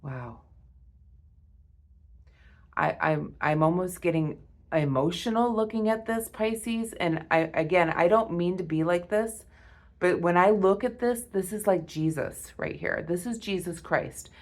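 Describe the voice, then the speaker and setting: A woman giving a spiritual tarot reading to her viewers, awed and emotional, repeating herself and often breaking off with a soft "wow.". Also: lowish voice, a little slow. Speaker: tarot reader.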